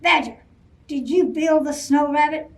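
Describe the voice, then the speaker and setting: A woman's voice: high-pitched, takes it slowly. A woman voicing a grumpy male bear who bellows and growls, reading a storybook aloud. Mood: demanding. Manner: loud, gruff, bellowing. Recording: voice from a distance off mic.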